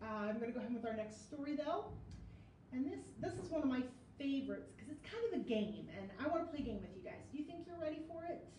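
Lady librarian doing storytime, high bouncy voice, echoey room, kinda far from the mic. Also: quick pace, a little hiss or hum. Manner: animated, sing-song read-aloud with sound effects. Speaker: children's librarian. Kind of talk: reading a picture book aloud to kids.

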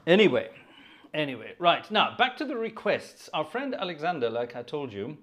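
A man's voice: on the high side, very animated, moderate pace, fairly bright tone, slight background noise. A man hosting a livestreamed organ concert, greeting viewers by name in a chatty, joking way and mocking himself. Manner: chatty, jokey, self-mocking asides. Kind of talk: casual chat greeting viewers.

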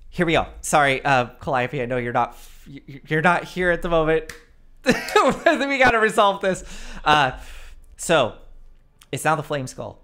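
A woman's voice: low voice, animated, measured pace, a bit bright. A woman narrating as the game master of a tabletop role-play stream, giggly and rambling with fillers, on a desk mic.

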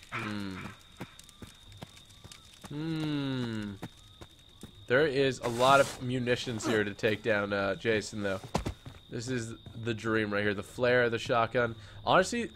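A young man streaming a game, chatting casually and excitably, joking and repeating words in bursts. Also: medium pitch, background noise. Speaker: gaming streamer. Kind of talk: casual live-stream commentary.

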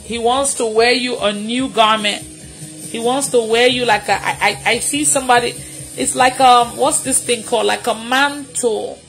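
A woman leading prophetic prayer and deliverance, making fervent, repetitive declarations, laughing in bursts and at times shouting. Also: fairly high pitch, steady tone, unhurried, soft background music. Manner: intermittently shouts and prays in tongues. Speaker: prophetic minister.

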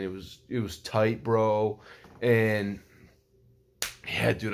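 Profane, rambling young male sports fan. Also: lowish voice. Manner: profane, rambling, excitable with lots of fillers. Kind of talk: casual game recap vlog.

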